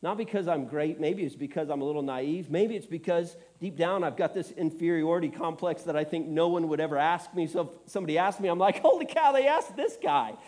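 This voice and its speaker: A man's voice: a little high, fairly even intonation, a little fast, few pauses, a little mellow. A middle-aged man preaching a sermon, telling stories earnestly with self-deprecating humor, choked up and tearful. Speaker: pastor.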